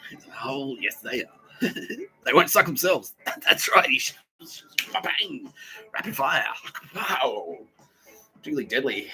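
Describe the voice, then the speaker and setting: Mid-range, pushed and bright, this man's voice comes through a low-quality recording. He hosts a podcast alone, rambling in crude jokes, giggling a lot, and addressing an absent listener.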